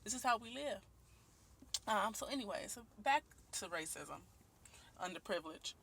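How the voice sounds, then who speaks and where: A woman's voice: medium pitch, lively intonation, normal speed, creaky, fairly bright tone, slightly rough. A woman in her late twenties from Detroit, talking candidly and earnestly into her phone camera, with many ums and restarts. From Detroit, Michigan, USA. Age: 20s. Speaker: vlogger. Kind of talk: personal video monologue. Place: at home and out in her neighborhood.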